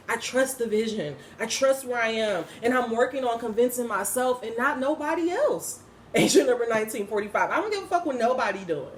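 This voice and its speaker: A woman's voice: fairly high pitch, echoey room, slight background noise. Emphatic, slangy woman giving a pep talk. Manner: emphatic, slangy, swears freely, laughs often. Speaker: spiritual vlogger and host. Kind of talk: casual inspirational talk.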